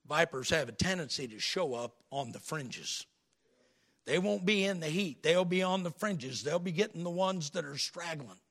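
With a raspy voice pitched fairly high, a man preaches a sermon as pastor, sharing folksy stories with lively animation.

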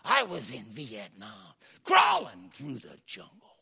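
A man voicing an older preacher who tells a dramatic jungle tale, dropping low and hushed before bursting into shouts. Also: huge pitch swings, slow, vocal fry, husky, exaggerated voice.

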